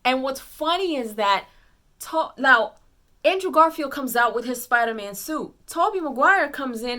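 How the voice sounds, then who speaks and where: A woman giving a casual spoiler movie recap, retelling scenes excitedly with lots of fillers and restarts. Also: high-pitched, unhurried. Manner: excited retelling, acts out characters' lines. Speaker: movie reviewer.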